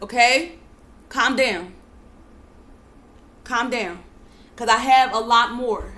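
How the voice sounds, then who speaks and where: A woman with a fairly high voice gives an unhurried spiritual teaching, drawing out her words. She soothes her listeners again and again, then leans hard into her key points. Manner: soothing, coaxing, repeats "breathe" and "calm down", swells to emphatic bursts.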